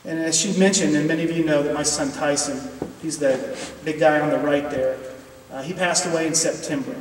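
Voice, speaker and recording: A man's voice: fairly high pitch, slight background noise. A middle-aged man giving an emotional, earnest speech in a university chapel, pleading with his audience. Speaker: university professor speaking in chapel. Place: large hall, recorded from afar. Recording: distant, echoey hall with long reverb.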